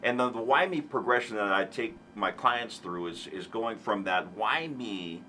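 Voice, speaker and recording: Earnest, bright-toned man telling his story. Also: lowish voice, moderate pace, slight background noise. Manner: earnest, many restarts, rises into animated emphasis. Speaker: talk show guest.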